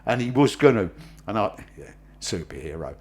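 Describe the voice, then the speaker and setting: Rambling man with a lively voice. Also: on the low side, moderate pace. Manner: rambling, swearing, laughs often. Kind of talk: casual chat.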